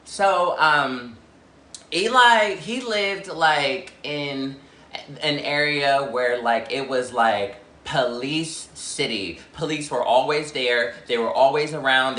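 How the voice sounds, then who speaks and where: A chatty man tells a storytime vlog with a bright, forceful voice. He fills his sentences with "like" as he retells the events, and the room around him echoes noticeably. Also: medium pitch, slow. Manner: chatty, heavy "like" fillers, animated retelling. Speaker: YouTuber.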